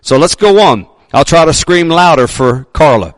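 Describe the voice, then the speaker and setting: A male pastor preaching a sermon, emphatic, sometimes shouting his readings, joking about himself. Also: fairly high pitch, animated, moderate pace, no echo.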